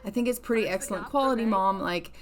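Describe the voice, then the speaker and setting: Woman doing a teen girl, nervous, eager for reassurance, mid-pitched, life-sim game voice. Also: fast, crowd noise, close to an everyday voice. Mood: hopeful. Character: teenage girl nervous about a school project.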